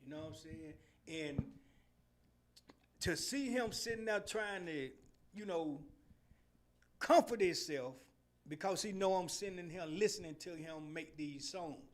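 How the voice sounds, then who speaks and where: High-voiced, laughing middle-aged man. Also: measured pace, pauses often. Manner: laughs often while telling stories; Southern slang, animated and loud. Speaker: podcast host. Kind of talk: casual storytelling chat.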